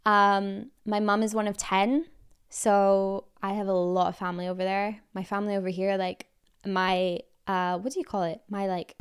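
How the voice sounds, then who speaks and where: A young Scottish woman in her twenties talks to her listeners like a close friend, her accent mild and a little American. Her voice is smooth and clean, and her chat is loose and full of quick laughs and fillers. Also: medium pitch. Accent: Scottish with an American tinge. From Scotland. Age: 20s. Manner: chatty, lots of likes, quick laughs. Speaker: podcast host. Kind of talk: casual chat.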